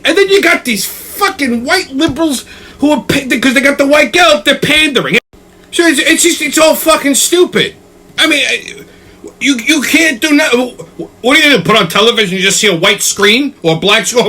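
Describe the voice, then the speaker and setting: A man rants in a high, bright voice with a sharp edge. His pitch swings widely as he piles up exasperated, profane asides, checking in with a constant "okay?". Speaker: host. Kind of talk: ranting comedic commentary.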